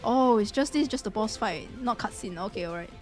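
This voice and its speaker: A woman's voice: on the high side, lively intonation, a little fast, darkish tone, soft background music. A woman streamer chatting casually while reacting to game scenes, giggling easily and apologizing often. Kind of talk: casual live-stream chat.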